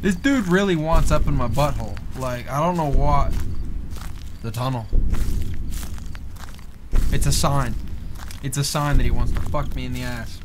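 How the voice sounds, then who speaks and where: A man's voice: medium pitch, measured pace, long pauses, noisy background. A man commentating a horror game playthrough, jittery and crude, swearing constantly and singing nervously to cope with his fear. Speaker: gaming commentator.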